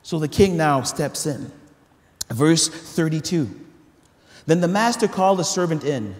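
A man preaching a sermon in a large church hall, animated and conversational, with stumbling restarts and asides to the congregation. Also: a little high, a little slow. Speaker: pastor.

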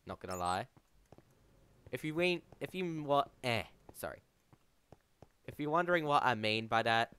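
A man's voice: lowish voice, a bit bright, smooth. A man streaming a game, chatting casually and rambling to his chat, calling them bro. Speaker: gaming streamer.

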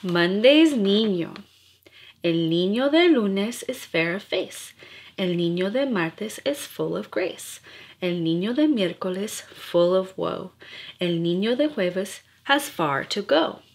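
A woman's voice: mid-range voice, expressive, takes it slowly. A woman reading nursery rhymes aloud in a playful, rhythmic, sing-song way. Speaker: storyteller.

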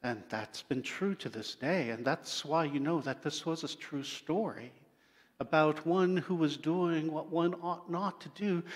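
A male pastor telling an animal story during a sermon, acting out the creatures as he goes. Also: on the high side. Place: church sanctuary. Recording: long church-hall reverb.

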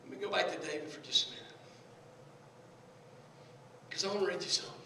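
High-voiced Southern preacher, echoey hall. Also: male voice, quick pace, slight background noise. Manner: swings from shouted preaching to soft hushed passages. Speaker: pastor. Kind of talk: sermon. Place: large church sanctuary. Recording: echoey church hall from far off.

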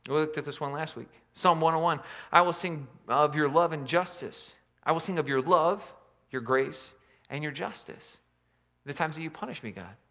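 Man preaching with sweeping loud-soft swings. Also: normal speed. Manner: swings between loud emphatic lines and quiet low asides. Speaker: pastor. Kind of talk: sermon.

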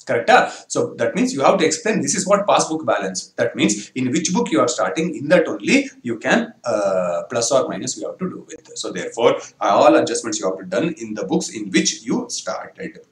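An Indian English male teacher explains accounts in a live online lesson. He repeats points, asks "correct?" and calls his students "my dear friends". His mid-pitched voice carries a roomy echo. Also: big pitch swings, moderate pace, few pauses. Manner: repetitive, keeps checking understanding with "correct?". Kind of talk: online class lecture. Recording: echoey room.

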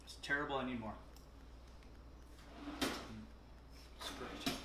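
A person filming off-camera, asking quick questions and joking in casual banter in a kitchen. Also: mid-range voice, fairly even intonation. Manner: joking, teasing. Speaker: off-camera camera operator. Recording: distant, echoey, noisy kitchen.

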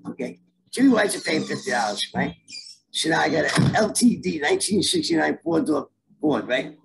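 A man's voice: mid-range voice, gravelly, slight background noise, low-quality recording. A middle-aged man telling a story in a casual, streetwise way and acting out the voices in it. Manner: animated, streetwise, acts out voices in his stories. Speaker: storyteller guest.

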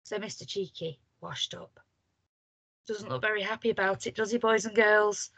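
A woman's voice: mid-range voice, moderate pace, breathy edge. A woman teacher reading a picture book aloud to young children, asking them questions as she goes. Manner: animated, asks the children questions. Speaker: primary school teacher.

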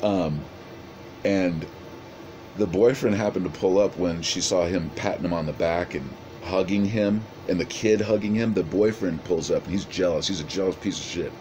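A man casually pitching a movie idea in a rambling, profane monologue full of restarts. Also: moderate pace.

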